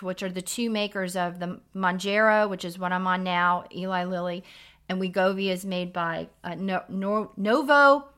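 A middle-aged woman talks through health advice on a podcast in a blunt, emphatic, lecturing manner. Her voice is bright and forward, and her pitch sits in the middle of the range. She sounds casual and direct. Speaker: podcast co-host, nurse practitioner.

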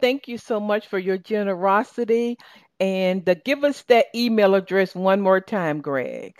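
A woman with a Southern accent hosts an interview show, warm and effusive in an inspirational tone. Her voice is close and dry, with no room sound around it. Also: mid-range voice, animated, a little slow, no room sound. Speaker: host. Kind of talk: podcast interview hosting.

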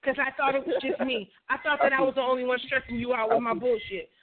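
A woman with a high voice hosts a loose podcast chat. She reacts in an excitable way and swears freely. Her voice comes through a thin phone line, with a crowd audible behind her. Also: fast talker. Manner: excitable, profane, laughing reactions. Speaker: podcast host.

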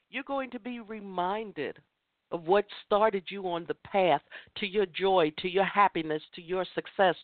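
A woman's voice: on the low side, no echo. A woman hosting a women's chat show, giving an impassioned motivational talk and repeating phrases for emphasis. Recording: tinny phone line, dry.

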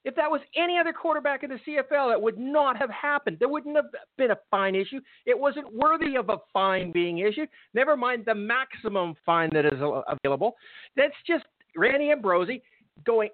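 A man's voice: extremely high pitch, animated, fairly quick, no room sound. A man hosting a football podcast, ranting angrily and sarcastically with lots of swearing. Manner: angry, profane, sarcastic ranting. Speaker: podcast host. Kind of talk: ranting sports talk. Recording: tinny phone-like audio.

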